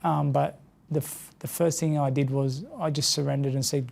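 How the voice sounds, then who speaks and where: A tired man with an Australian accent speaks in a gravelly, darkly mellow voice with a flat, even delivery. He talks heartfelt and earnest in a personal interview, often repeating words as he goes. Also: mid-range voice, moderate pace. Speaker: interview guest, former boxer.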